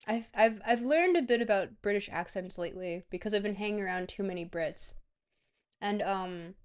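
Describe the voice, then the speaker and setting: A woman streamer chatting casually to her viewers, rambling between bites and filling pauses with ums. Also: mid-range voice, clean tone.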